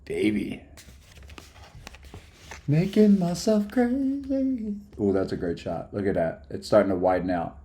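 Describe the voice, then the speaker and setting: A man's voice: low-pitched, fairly even intonation, fairly quick, mellow. A man chatting casually on a live stream, hyper and rambling from topic to topic after no sleep. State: sleep-deprived.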